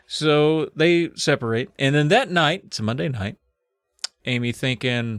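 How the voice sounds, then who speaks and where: A man co-hosting a comedy podcast, retelling a plot with jokey, animated storytelling. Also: mid-range voice, moderate pace, clean tone, dry recording. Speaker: podcast co-host.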